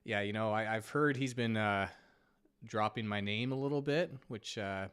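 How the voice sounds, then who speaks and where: A Canadian host of a finance channel fields questions on a casual live stream, chatty and self-deprecating. His voice is on the low side, clear, resonant and fairly bright, at a moderate pace, with slight scratchiness from a cold he's getting over.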